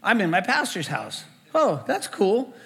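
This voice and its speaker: A man preaching who quotes an excited young woman recognizing her pastor, insisting in a voice close to his own. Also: high voice, a little slow, full character voice. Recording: echoey church hall.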